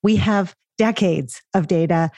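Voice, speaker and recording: A woman podcast co-host who asks questions and sums up points with warm emphasis. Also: fairly low pitch, unhurried, no echo. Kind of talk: podcast interview.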